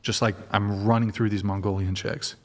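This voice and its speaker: A man's voice: lowish voice, little pitch movement, normal speed. A man hosting a provocative panel chat, crude and joking, often restarting his sentences. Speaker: host.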